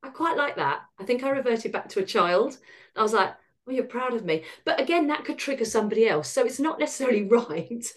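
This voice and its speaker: A middle-aged woman, a podcast guest, speaking candidly in a wry, animated way and acting out the voices she quotes. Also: a little high, fast. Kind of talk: candid conversational storytelling.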